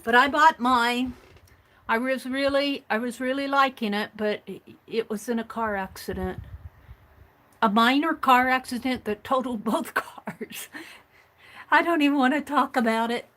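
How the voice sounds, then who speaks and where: A woman's voice: high-pitched, moderate pace, a bit bright. A woman hosting a livestream, chatting casually while crafting, talking to herself and laughing easily. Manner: chatty, talks to herself and reads viewer comments aloud; frequent restarts and fillers, laughs easily.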